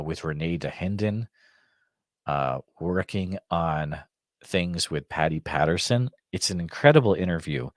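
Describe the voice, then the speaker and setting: Hosting his live call-in podcast, this man chats casually as on a live stream, meandering through fillers and false starts. He has a very deep voice and a faint Massachusetts accent, captured in a dry, close-miked recording without any room sound.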